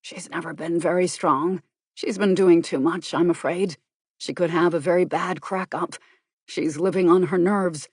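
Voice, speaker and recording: A woman voicing a controlled, serious man who speaks in an earnest, measured way and is quietly worried and persuasive, for an audiobook. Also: on the low side, steady tone, slightly rough, dry recording, studio quality.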